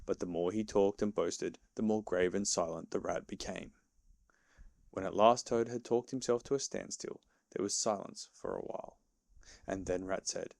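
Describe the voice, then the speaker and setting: A man reading a classic children's book aloud as a calm bedtime story for his child. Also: low voice, normal speed, gravelly, no room sound, studio quality.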